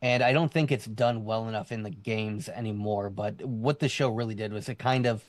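A man's voice: on the low side, steady tone, normal speed, no echo. A man co-hosting a casual podcast chat, explaining things at length with plenty of fillers. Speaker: podcast co-host.

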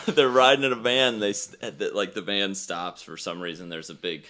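A man's voice: lowish voice, steady tone, brisk, sharp tone. A man hosting a podcast, chatting casually about a movie, laughing often and acting out lines in silly voices. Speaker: podcast host. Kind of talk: casual movie review chat.

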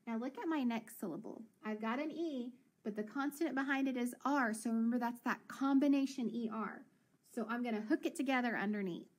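Patient female teacher, higher voice, coaching kids through reading. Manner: encouraging, sounds words out slowly. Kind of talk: phonics lesson for children.

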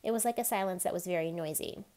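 Woman reader, novel chapters aloud, steady and even, slightly low pitch. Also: quick pace.

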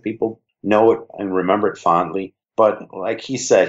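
A man in his sixties with a heavy Chicago accent, relaxed and reflective, telling stories as an interview guest. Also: lowish voice, muffled recording. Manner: relaxed, reflective, uses fillers like "you know". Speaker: guest, former league creative director. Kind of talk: conversational interview storytelling.

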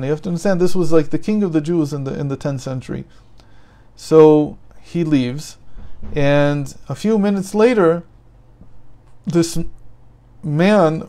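A man's voice: a little high, dark tone. A man telling a story in a daily Torah lesson, thinking aloud and restarting his phrases as he goes. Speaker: Torah teacher.

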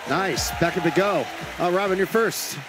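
A man runs a TV game show in a brisk, friendly way, and his voice sits a little high. Studio music plays clearly behind him. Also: crowd noise. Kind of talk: upbeat studio hosting.

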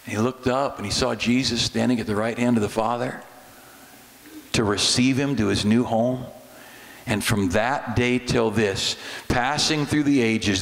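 A man's voice: mid-range voice, big-room sound. A man with an American accent, a pastor preaching a folksy, humorous sermon in a church. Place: church sanctuary.

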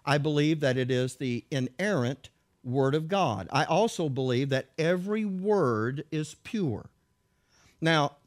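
High-voiced emphatic male preacher. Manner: emphatic, repeats key words, asks rhetorical questions. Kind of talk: sermon.

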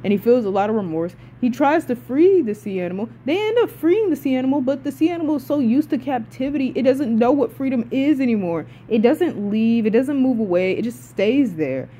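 A young woman excitedly reviewing video game characters in a casual, rambling, profane way, often cutting herself off mid-sentence. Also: on the high side, a little fast, hardly any pauses, a little hiss or hum. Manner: excitable, rambling and profane, with frequent swearing and self-interruptions.

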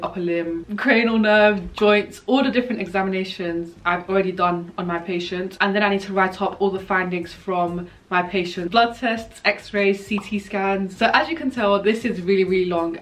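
A woman in her twenties, a medical student, chatting casually and candidly through her day in a vlog. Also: medium pitch. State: hiccuping.

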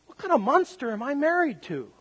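A man's voice: very animated, a bit bright, exaggerated voice. A male preacher voicing a startled wife woken in the night who fires off alarmed questions at her husband. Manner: shrill rapid questioning. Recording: long hall reverb.

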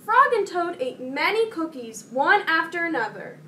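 A young woman presenting a children's program, reading a storybook and giving craft instructions in a slow, clear, kid-directed way. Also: very high voice, very animated, sharp tone. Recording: distant mic with faint noise.

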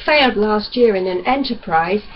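A woman voicing a calm, steady young doctor. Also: mid-range voice, lo-fi sound, slight background noise, natural voice. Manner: measured, reasonable, coaxing.

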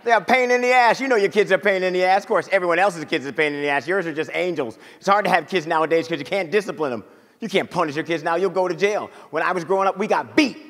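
On a comedy club stage, a man performs stand-up with a brash, punchy delivery and some crowd work. His voice sits high, is fairly bright, and moves fast. It's a live club recording with long reverb.

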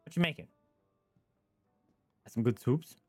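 A man streaming a game, joking and reacting with animated asides as he plays. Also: mid-range voice, unhurried, dry recording, soft background music. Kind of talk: live gameplay commentary.

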